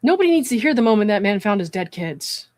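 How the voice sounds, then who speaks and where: A measured, earnest commentator talks at a middle pitch, often pausing to check in with the listener. The sound is dry and close, with no room around it. Their delivery moves steadily between reading a transcript and giving their own view. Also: big pitch swings, darkish tone, no echo. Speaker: psychiatric evaluator hosting a commentary stream.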